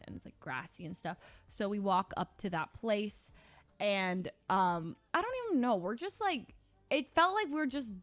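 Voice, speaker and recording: A woman's voice: medium pitch, a bit bright, dry recording. A young woman streamer chatting casually as she tells a story, rambling with lots of restarts and laughing often. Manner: rambling, heavy use of "like" and restarts, frequent laughter.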